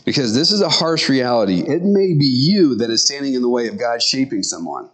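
A middle-aged man preaching a sermon in a conversational way, now and then acting out lines in squeaky voices. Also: lively intonation, brisk. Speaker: pastor.

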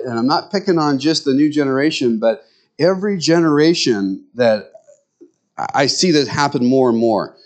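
A man's voice: mid-range voice, a little mellow. A male pastor preaching with humorous stories, acting out the voices he quotes. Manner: storytelling, acts out quoted voices. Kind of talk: sermon with humorous anecdotes.

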